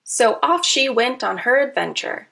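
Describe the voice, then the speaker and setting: A woman reading a children's picture book aloud, with a bright, clear tone and a fairly high voice. Her pitch rises and falls widely as she plays up each line. She adds playful asides to young listeners. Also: a little slow. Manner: expressive, playful, teacherly asides. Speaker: narrator. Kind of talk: children's storybook narration.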